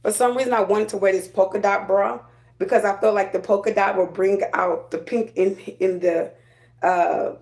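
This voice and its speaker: A woman's voice: medium pitch, gravelly. Chatty woman in an echoey room. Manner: chatty, repeats phrases, blunt and emphatic. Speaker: vlogger giving spiritual readings. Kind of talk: casual get-ready-with-me chat.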